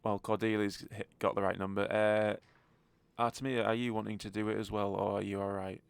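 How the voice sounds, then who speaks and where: A man running a tabletop game as game master, with relaxed fillers and chuckles. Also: on the low side, brisk, creaky, clear, resonant tone, no echo.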